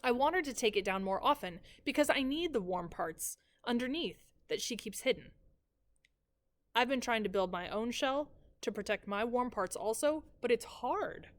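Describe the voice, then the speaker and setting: A woman teacher reading the first chapter of a novel aloud in measured, even storytelling. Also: on the high side.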